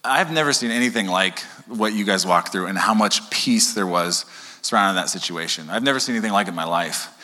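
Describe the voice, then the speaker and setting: A man's voice: on the low side, a little fast. A male pastor preaching a sermon to his congregation in a conversational way, often checking in with "okay?" and joking with the crowd. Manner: conversational, keeps asking "okay?"; animated, jokes with congregation. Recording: long hall reverb.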